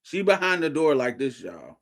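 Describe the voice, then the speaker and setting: A woman podcast host telling a story in a casual, animated, profane way. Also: very deep voice, moderate pace. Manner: animated, profane, dramatic retelling.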